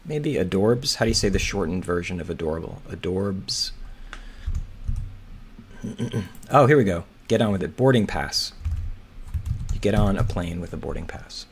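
A man's voice: low-pitched, expressive, moderate pace, long pauses, husky. A man thinking aloud as he solves a crossword, hesitant and muttering, often turning his guesses into questions. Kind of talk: thinking aloud while solving.

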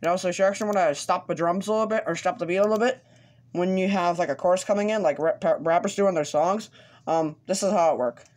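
A man talking through a casual screen-recorded software tutorial, halting, with many fillers and restarts as he explains each step. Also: high-pitched. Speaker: tutorial host.

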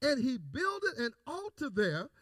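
High-voiced preacher, shouting and lively. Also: male voice, unhurried, dry recording, studio quality. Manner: preaching with rising, shouted emphasis and repeated phrases. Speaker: pastor. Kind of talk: call-and-response sermon.

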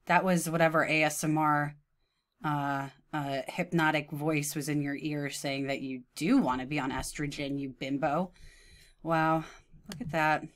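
A woman's voice: low-pitched, fairly even intonation, a little slow. A woman in her thirties giving mocking, sarcastic reaction commentary, often breaking into laughs. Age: 30s.

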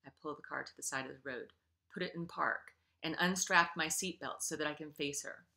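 A woman author reading her own novel aloud in an expressive way, then speaking casually to her listeners. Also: low voice, brisk, creaky.

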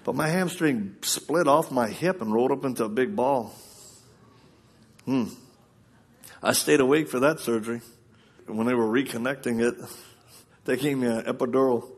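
A man's voice: medium pitch, moderate pace, pauses often, slightly rough. A man preaching a live sermon, telling personal stories with laughs, then urging the crowd directly. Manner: lively storyteller who laughs often and acts out quotes.

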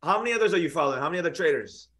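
A man's voice: a little high, animated, very fast, a bit bright. A man hosting a live trading show, chatting in a friendly, casual way and often repeating himself. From United States. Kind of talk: casual live-stream chat.

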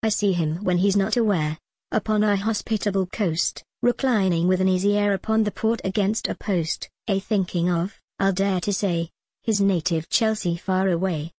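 A woman's voice: mid-range voice, fairly even intonation, normal speed, a little mellow, no room sound, close to an everyday voice. A woman reading the lines of a pert, scornful young fisher girl. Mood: dreamy.

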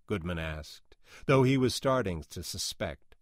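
A man narrating a story in a measured, even reading style. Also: low-pitched, no room sound, clean studio sound. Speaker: reader.

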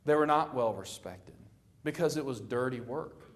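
A middle-aged man preaching a sermon, telling the story with lively acted-out quotes and a plain conversational manner. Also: normal speed. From Florida. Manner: animated storytelling, acting out quoted lines with rising pitch.

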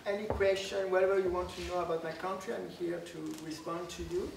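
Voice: mid-range voice, little pitch movement, fairly quick, gravelly. A guest speaker with a French accent gives a talk to a full lecture room without a microphone, projecting the voice. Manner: unamplified, speaking up to a full room, light laughs. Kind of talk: lecture followed by Q and A. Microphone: no microphone, recorded from far off. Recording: roomy, distant, noisy with no microphone.

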